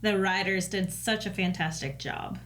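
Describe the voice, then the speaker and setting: A woman's voice: medium pitch, fairly even intonation, normal speed, a bit bright, slight background noise. A middle-aged woman co-hosting a TV reaction show, chatting casually, laughing often and retelling scenes with animation. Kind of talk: casual chat.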